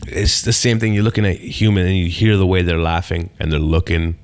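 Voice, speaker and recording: A man with a very low, deep voice, chatting casually on a podcast. He tells stories loosely and profanely, with plenty of animated energy as he talks. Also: fairly quick, smooth. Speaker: stand-up comedian, podcast guest.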